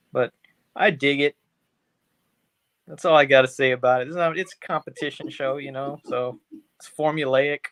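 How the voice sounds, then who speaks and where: An easygoing man co-hosts a podcast, talking casually with plenty of pauses and fillers and the odd curse. His voice sits at an ordinary middle pitch and sounds dry, with no room echo. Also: a bit bright. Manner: easygoing, halting, profane. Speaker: podcast co-host. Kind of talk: casual chat.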